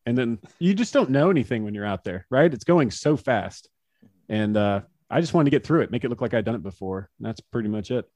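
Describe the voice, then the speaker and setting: A man who pitched professionally, telling casual anecdotes in an interview, acting out quotes and laughing often. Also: expressive, brisk, a little mellow, dry recording. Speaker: former baseball pitcher, guest.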